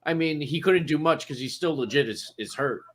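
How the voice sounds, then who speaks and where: A man's voice: on the high side, fairly quick. A man co-hosting a podcast in casual chat, setting up questions and giving his own take. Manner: conversational, poses questions. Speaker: podcast co-host.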